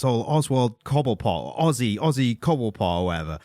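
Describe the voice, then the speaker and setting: A man co-hosting a casual comics podcast, retelling plots in an animated, jokey way. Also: mid-range voice, a little fast, dry recording, studio quality. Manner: animated, jokey storytelling with restarts. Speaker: podcast co-host. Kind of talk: casual chat about comics.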